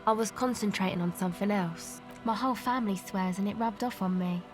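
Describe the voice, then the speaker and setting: A woman's voice: medium pitch, a little fast, close to an everyday voice. Woman playing a blunt young sound recordist. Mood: matter-of-fact. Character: young woman field recordist, frank and nerdy. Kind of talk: game dialogue. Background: game music.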